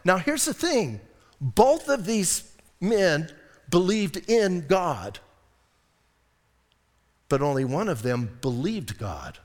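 Male pastor, casual sermon, slightly high voice, long reverb from the hall. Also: takes it slowly, long pauses. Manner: animated, acts out voices in quotes; casual, conversational preaching. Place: church hall.

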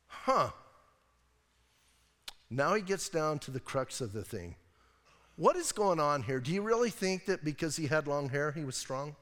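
A male pastor preaching a casual, animated sermon, full of asides to his audience. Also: on the high side, a little slow, long pauses. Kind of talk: expository sermon. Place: church sanctuary. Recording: echoey church hall.

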